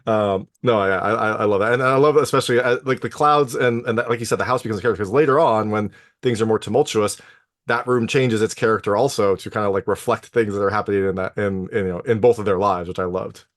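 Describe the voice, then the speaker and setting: Fast-talking man interviewing eagerly. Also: on the low side, steady tone. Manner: enthusiastic, stammers on restarts. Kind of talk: casual interview chat.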